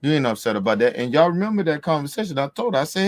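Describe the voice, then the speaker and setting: A man's voice: fairly high pitch, sing-song, rapid-fire, no room sound. A man hosting a podcast, ranting in a heated, profane way and repeating himself for emphasis. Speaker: podcast host. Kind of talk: casual ranting commentary.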